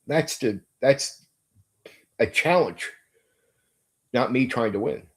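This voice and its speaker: A man with a lowish, slightly mellow, husky voice hosts his own channel as a game master. He delivers a blunt, emphatic monologue on how he runs tabletop games, swearing often and dropping casual fillers like "like, dude."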